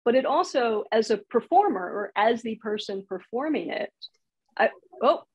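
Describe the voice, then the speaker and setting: A slightly high, husky woman's voice leads a relaxed comedy writing workshop over a video call. She talks in a chatty way and breaks into laughter at her own examples. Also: moderate pace, poor audio. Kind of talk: casual online workshop talk.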